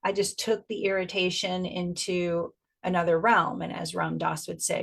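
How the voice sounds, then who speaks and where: A middle-aged woman giving a spiritual teaching in a gentle, reflective way, slowing down to stress key phrases. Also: lowish voice, little pitch movement, creaky.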